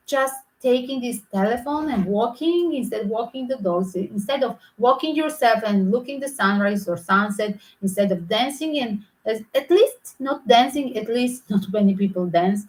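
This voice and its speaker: A woman's voice: a little high, lively intonation, normal speed, a little mellow, rough recording. A woman tarot reader talking through a rambling, opinionated vlog commentary, emphatic and full of restarts.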